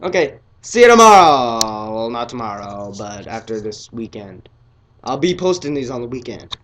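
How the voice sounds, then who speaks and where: A teenage boy casually reviewing a film, excitable and rambling, his voice often trailing off quietly. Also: medium pitch, normal speed, slight background noise.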